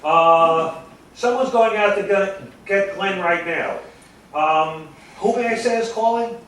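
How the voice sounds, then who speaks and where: A man's voice: high-pitched, slow, a bit bright, a little hiss or hum. A man playing a flustered party host on stage. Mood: exasperated. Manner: exasperated, trying to keep order. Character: flustered man fielding phone calls at a dinner party. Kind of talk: live stage comedy acting. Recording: echoey stage sound from a distant mic. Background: audience laughter.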